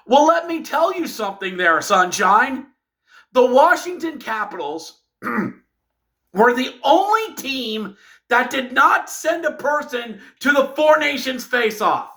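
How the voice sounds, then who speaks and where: Sarcastic male fan, high lively voice, rants and shouts about his team. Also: takes it slowly. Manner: exasperated, sarcastic, shouts in bursts. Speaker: hockey fan vlogger. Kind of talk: ranting fan recap.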